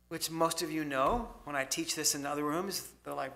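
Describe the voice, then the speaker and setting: A man giving an inspirational talk to a congregation in a synagogue hall, swinging between loud emphasis and hushed softness. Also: fairly high pitch, moderate pace, gravelly, hardly any pauses. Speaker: motivational speaker.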